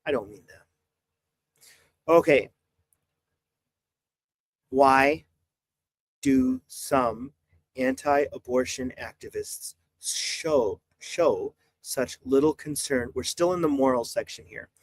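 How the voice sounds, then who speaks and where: A man's voice: medium pitch, takes it slowly, pauses often. A man in his forties, a priest talking on a live stream, exasperated and preachy as he urges his viewers. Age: 40s. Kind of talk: impassioned live-stream talk.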